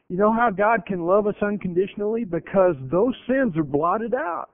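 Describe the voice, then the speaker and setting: A man preaching a sermon, emphatic, swinging between loud stresses and hushed lines and slowing down when he quotes scripture. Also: sits high, expressive, no room sound. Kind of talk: radio sermon. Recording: tinny lo-fi radio broadcast.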